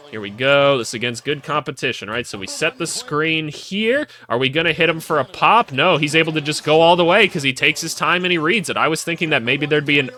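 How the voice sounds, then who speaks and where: A man calling out basketball clips in a casual, excitable way, joking and cheering plays as he watches. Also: medium pitch. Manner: excitable, jokey, voices players in asides. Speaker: basketball analyst. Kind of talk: casual video commentary over game clips.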